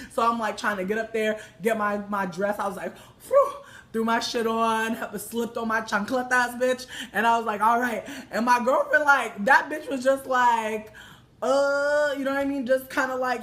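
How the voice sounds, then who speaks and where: Young woman, casual storyteller, high-pitched and sharp-toned, lively and crude. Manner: animated, profane, laughing, loud exclamations.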